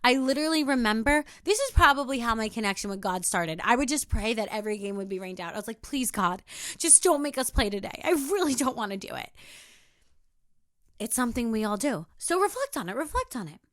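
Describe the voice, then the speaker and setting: A young woman hosting a podcast, talking casually on her own, emphatic and animated, swearing freely and acting out the voices of people she quotes. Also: a little high, a little fast, no room sound, clean studio sound. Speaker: podcast host. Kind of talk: casual solo podcast monologue.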